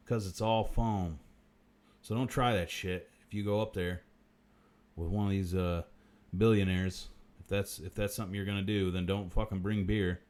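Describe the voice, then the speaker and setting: A man hosting a comic livestream, rambling through odd facts with constant swearing and deadpan asides. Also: lowish voice, normal speed. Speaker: host.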